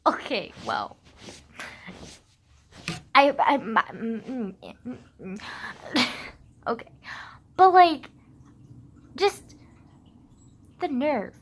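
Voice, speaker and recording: A woman's voice: on the high side, sing-song, extremely slow, pauses often, fairly bright tone, slightly rough, rough recording. A young woman ranting casually to camera, heated and sarcastic, swearing often and filling her talk with "like". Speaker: vlogger.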